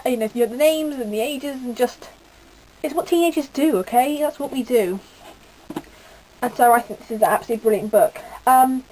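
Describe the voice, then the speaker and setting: A woman's voice: high voice, darkish tone, a little hiss or hum, rough recording. A teenage girl from the UK giving a rambling, gushing casual book review with lots of fillers. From United Kingdom. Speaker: book vlogger.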